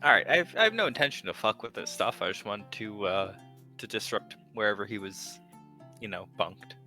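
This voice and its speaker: A man playing a tabletop game, talking in a laid-back, low-key way. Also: expressive, a little fast, bright, forceful tone, soft background music. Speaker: player. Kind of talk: casual tabletop play.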